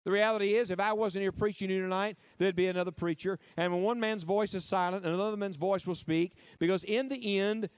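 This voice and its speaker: A man's voice: high voice, steady tone, fairly quick, hardly any pauses, clear, resonant tone, dry recording. A man preaching a sermon, emphatic and repetitive. He drives key phrases home, prompts the congregation to answer and drops playful asides.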